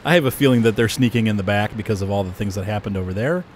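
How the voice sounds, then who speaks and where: A man giving casual gameplay commentary in a relaxed, chuckling manner. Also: on the low side, fast talker, slight background noise. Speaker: game commentator.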